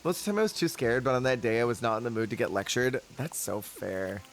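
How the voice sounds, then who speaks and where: A man's voice: mid-range voice, fast talker. A man streaming a cozy game, chatting casually, answering his chat and laughing often. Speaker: Twitch streamer. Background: game music.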